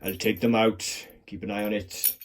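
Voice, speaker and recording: Against a noisy background, his lowish voice stays flat at a moderate pace. This lock-picking hobbyist chats casually while demonstrating, rambling and swearing at his own expense, with a clamped phone recording him.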